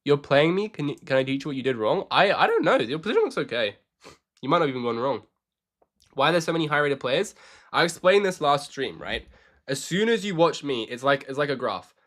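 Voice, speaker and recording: A man's voice: medium pitch, expressive, fairly quick, fairly bright tone. A young man chatting casually with his live-stream audience while playing chess, joking and answering questions.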